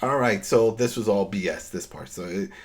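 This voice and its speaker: A man co-hosting a podcast, retelling a TV episode in casual chat with lively storytelling and dry, sarcastic asides. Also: on the low side, normal speed, breathy edge. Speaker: podcast co-host.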